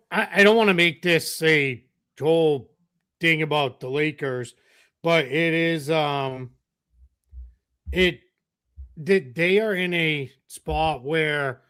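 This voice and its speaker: Bright-voiced man in loose basketball chat. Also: fairly high pitch, clear, resonant tone, no echo, studio quality. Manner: loose, filler-heavy talk. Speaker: podcast co-host. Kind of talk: live basketball analysis chat.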